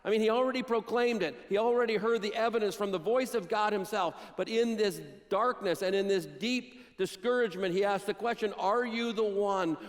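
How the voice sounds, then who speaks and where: A man preaching a sermon, retelling Bible stories and acting out the quotes with dramatic pauses. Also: sits high, big-room sound. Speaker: pastor. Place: church sanctuary.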